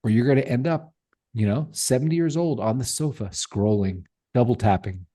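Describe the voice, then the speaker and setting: A man's voice: mid-range voice, normal speed, mellow. A middle-aged man speaking as a podcast guest, talking passionately and emphatically with rhetorical questions. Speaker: podcast guest, tech founder. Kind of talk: animated interview talk.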